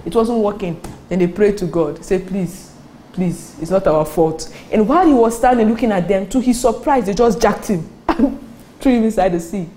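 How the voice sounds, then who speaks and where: Animated woman preacher. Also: brisk, slight background noise, poor audio. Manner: animated storytelling, acts out quotes with rising pitch. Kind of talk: sermon.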